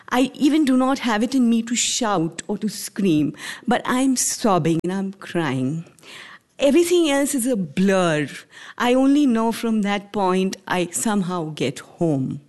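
Indian woman telling her story, measured. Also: mid-range voice, darkish tone. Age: 40s. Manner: measured, halting, with short pauses between phrases. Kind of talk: personal storytelling talk.

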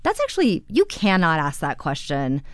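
Low, smooth-voiced woman reporter. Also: wildly swooping pitch, normal speed, no room sound. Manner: explanatory, conversational, frequent "you know" fillers. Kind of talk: radio interview conversation.

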